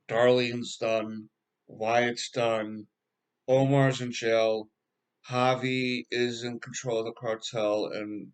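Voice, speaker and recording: Slow, rambling male TV reviewer. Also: medium pitch, clear, resonant tone. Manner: rambling, halting, with frequent filler words. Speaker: TV show reviewer. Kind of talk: casual episode recap.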